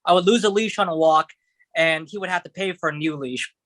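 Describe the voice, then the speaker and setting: A man's voice: high-pitched, a little fast, a bit bright, dry recording. A man talking as a podcast guest, telling a story casually with many fillers and restarts. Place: podcast studio.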